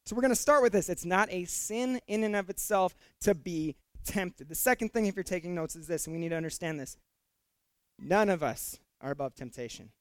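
A man's voice: high voice, brisk, dry recording. A male pastor preaching a casual, joking sermon who often stumbles into repeated words. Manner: conversational and jokey, repeats words when excited.

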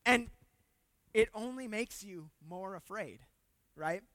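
A preacher talks to the congregation in a loose, conversational way, cracking jokes and doubling up words to drive a point home. The delivery jumps between loud emphasis and hushed, confiding asides. The voice sits at a middle pitch and sounds close and dry. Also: animated, slow pace, no echo. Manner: casual and humorous, repeats words when emphasizing. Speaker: pastor. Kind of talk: conversational sermon.

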